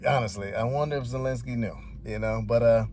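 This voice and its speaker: A man's voice: medium pitch, a little fast, darkish tone. A man giving rambling, laid-back, slangy commentary as a vlogger. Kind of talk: casual commentary.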